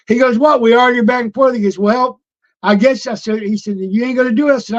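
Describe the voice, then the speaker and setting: An older man with a drawl recounts wrestling days in a high voice. He slips into other people's voices as he tells it. The sound is dull and lo-fi, like a livestream. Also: fast. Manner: animated storyteller, acts out old conversations. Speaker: retired pro wrestler, guest. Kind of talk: casual storytelling interview. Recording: dull lo-fi stream audio.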